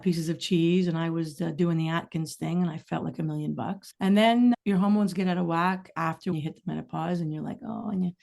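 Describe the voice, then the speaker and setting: She talks a little fast in a lowish voice with vocal fry, hardly pausing at all. A middle-aged singer-songwriter guesting on a casual podcast, she tells candid, rambling stories with lively asides.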